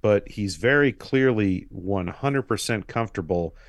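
A man co-hosting a podcast, giving measured, wry commentary on a film in casual conversation. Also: on the low side, lively intonation, no room sound, clean studio sound. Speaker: podcast co-host. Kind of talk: casual movie discussion.

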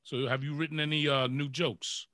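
Bright, dry-voiced upbeat male host. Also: a little high, little pitch movement, normal speed, no echo. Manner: upbeat, encouraging, interviewer. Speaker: show host. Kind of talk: casual radio show chat.

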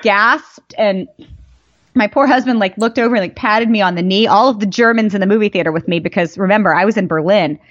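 A woman telling stories in casual fan chat, animated and emphatic, her voice jumping up for emphasis. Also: mid-range voice, brisk, dry recording. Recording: dull lo-fi dry mic.

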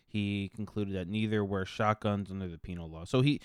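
A man's voice: on the low side, fairly even intonation, brisk, clean tone, no room sound, studio quality. A man co-hosting a podcast, chatting casually with lots of fillers and some teasing. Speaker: podcast co-host. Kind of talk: casual chat.

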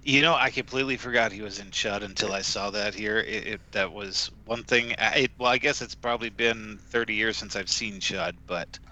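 A man with a low voice and a very bright, sharp tone chats about movies on a podcast. He hesitates a lot and repeats his first words before he gets going. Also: brisk, hardly any pauses, poor audio. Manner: hesitant, stammers and restarts. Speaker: podcast co-host. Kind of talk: casual movie podcast chat.

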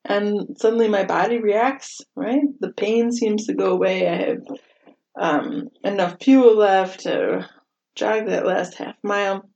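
A woman's voice: mid-range voice, steady tone, measured pace, a little mellow. A middle-aged woman hosting a podcast, talking casually in a chatty, self-deprecating way and laughing often. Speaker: podcast host. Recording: slightly dull lo-fi audio.

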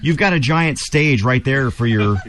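A man joins an opinionated talk show discussion, cracking jokes and stumbling through restarts. His voice sits at an ordinary, middle pitch. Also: lively intonation, normal speed, a bit bright.

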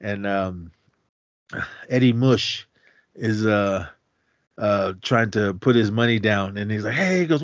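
A man's voice: fairly low pitch, measured pace, long pauses, no room sound. Guy recapping a movie on a podcast, keeps laughing, does the characters' lines, kinda muffled dry audio. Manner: laughs often, animated retelling of scenes. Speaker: podcast co-host. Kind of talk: casual movie recap chat.

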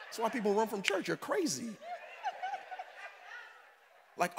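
A middle-aged pastor delivering a sermon, shouting and preaching with comic impressions of his congregation. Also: very high-pitched, sing-song, moderate pace, gravelly, pauses often, a little hiss or hum. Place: large church hall. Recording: echoey church hall with faint ambience.

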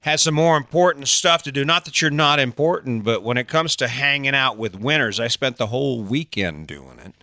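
Older male vlogger: bright, crisp voice, dry close sound, teasing and sarcastic, rambles. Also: mid-range voice, lively intonation, moderate pace, few pauses, no echo. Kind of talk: casual monologue to camera.

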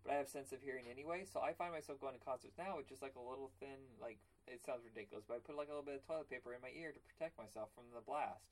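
A man in easy, rambling conversation about old movies, talking over a remote call. His voice sits at a middling pitch, and he gets animated and swears casually as he goes. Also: racing, hardly any pauses. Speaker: podcast co-host.

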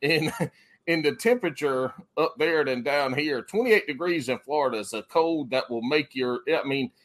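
A man's voice: a little high, expressive, moderate pace, fairly bright tone. A man talks in a loose, rambling way, restarting his sentences and cussing freely. It sounds like casual podcast chat with no hurry to get to the point. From Southern US. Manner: rambling, profane storyteller with many restarts.

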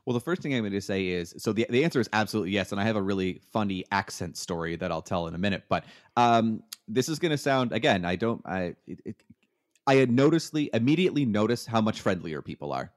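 A Canadian man telling stories in a relaxed chat, often pausing with fillers and restarting his sentences. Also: on the low side. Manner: hesitant, many fillers and restarts. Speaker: guest. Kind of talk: casual storytelling.

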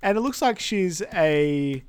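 A man's voice: high-pitched, takes it slowly. A man co-hosting a podcast, casually sharing trivia about a film's cast. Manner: relaxed, shares trivia. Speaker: podcast co-host. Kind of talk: casual movie recap chat.

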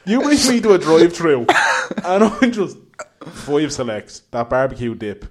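A man's voice: a little high, sing-song, moderate pace, darkish tone, a little hiss or hum. A young man co-hosting a podcast, telling jokey stories and acting out what people say. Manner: jokey storyteller, acts out lines. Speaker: podcast co-host. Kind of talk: casual podcast banter.

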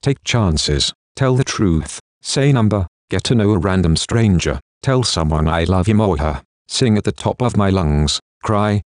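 A man voicing a troubled young male student who talks flatly and swears, in a low voice. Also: unhurried, hardly any pauses, dry recording, clean studio sound. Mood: defiant. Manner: flat, curt, swearing.

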